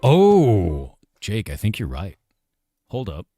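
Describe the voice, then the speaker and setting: A man's voice: lowish voice, expressive, fairly quick, fairly bright tone, no echo, soft background music. A game developer in his forties, chatting casually on a live stream, ranting and swearing with lots of "like" and "dude". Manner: ranting, profane, repeats "like" and "dude".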